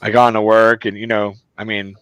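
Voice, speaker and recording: A man's voice: on the low side, level tone, a little fast, a bit bright, clear, resonant tone, no echo. A man telling crude, rambling stories in a casual group video chat, swearing freely. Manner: profane, rambling anecdotes. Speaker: channel host.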